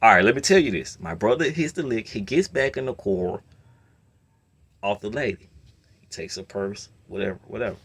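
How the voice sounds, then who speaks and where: Animated man telling a story. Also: moderate pace, slightly rough. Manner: animated, swings between low mutter and loud outbursts. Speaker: storyteller host. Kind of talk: casual storytelling rant.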